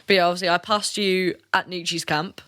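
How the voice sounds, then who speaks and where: A woman co-hosting a podcast, telling a story in casual chat, animated, laughing often and swearing freely. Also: lowish voice, moderate pace. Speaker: podcast co-host.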